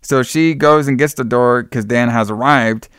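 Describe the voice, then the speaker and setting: A man co-hosts a casual horror film podcast, rambling through the plot with profanity. His voice sits at an ordinary middle pitch. The sound is close and dry, with little room in it. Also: moderate pace, fairly bright tone, smooth, no echo. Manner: rambling, profane, acts out quotes. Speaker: podcast co-host. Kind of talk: casual film review chat.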